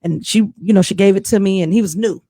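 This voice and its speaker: A woman's voice: mid-range voice, fast talker. A middle-aged woman co-hosting a radio podcast, telling a story in casual chat and acting out the voices of the people in it. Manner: animated, acts out voices in her stories.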